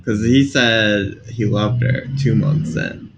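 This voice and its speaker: A man's voice: on the low side, fairly even intonation, takes it slowly, slight background noise. A man co-hosting a podcast, chatting casually and cracking sarcastic jokes. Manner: joking, sarcastic. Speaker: podcast co-host. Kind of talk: casual chat.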